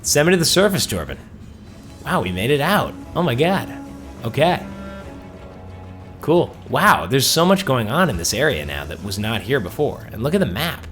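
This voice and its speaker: Lively man narrating a video game. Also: mid-range voice, moderate pace, faint music behind. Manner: chatty, enthusiastic, reads game dialogue in a storytelling tone. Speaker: gaming host. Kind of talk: let's play commentary, reading quest text aloud.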